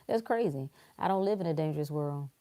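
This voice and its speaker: A woman, talking bluntly in a casual spiritual talk, swinging between loud emphasis and hushed asides. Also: sits low, animated, moderate pace.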